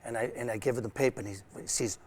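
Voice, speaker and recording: A man talks in a relaxed storytelling way at a middle pitch. Crowd chatter fills the studio behind him. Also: racing. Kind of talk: casual chat.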